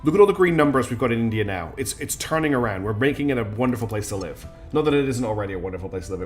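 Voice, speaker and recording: A man's voice: medium pitch, animated, rapid-fire, hardly any pauses, darkish tone, faint music behind. A man with a mixed British accent that carries Scottish and Australian traces. He gives live game commentary, thinking aloud with many fillers. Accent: mixed British English with Scottish and Australian traces. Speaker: streamer.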